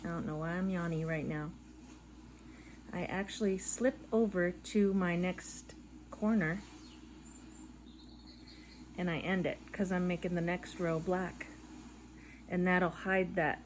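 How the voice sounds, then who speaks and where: A middle-aged woman crocheting and chatting casually at home, rambling and tired, yawning between soft laughs. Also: on the low side, fairly even intonation, slow, pauses often, a little hiss or hum. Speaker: crochet vlogger. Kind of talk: casual chat while crocheting. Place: living room at home. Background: faint background audio playing.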